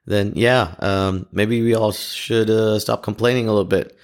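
A man talking casually in a rambling monologue, halting with frequent restarts and laughing at himself. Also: on the low side, fairly even intonation.

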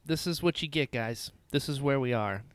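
A man's voice: mid-range voice, moderate pace, clear, resonant tone, no echo. A man co-hosting a podcast in casual chat, tired and joking with a wry, laugh-prone manner. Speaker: podcast co-host.

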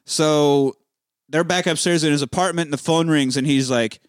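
A man's voice: fairly high pitch, normal speed, clear, resonant tone, no room sound, clean studio sound. A man casually recapping a film as a podcast host, swearing freely and acting out the characters' lines. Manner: profane, acts out characters' lines.

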